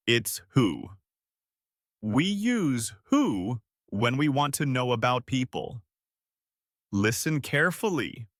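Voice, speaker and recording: Slow, lively-voiced male English teacher. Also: mid-range voice, no room sound, clean studio sound. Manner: slow, clear, encouraging repeat-after-me teaching. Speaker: English teacher and podcast host. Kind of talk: scripted language lesson.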